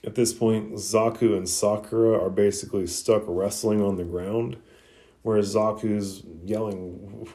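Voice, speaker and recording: Man, casual recap, lowish pitch, mellow tone, chatty with fillers. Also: fairly even intonation, a little slow. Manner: conversational, with frequent fillers and crude asides. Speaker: podcast host reviewing an anime episode.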